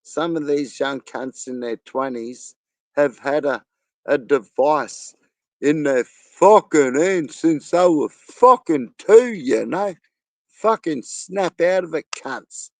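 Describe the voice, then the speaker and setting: A man's voice: fairly high pitch, animated, slow, no echo. A man, a podcast co-host ranting in a blunt, profane way. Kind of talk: casual chat.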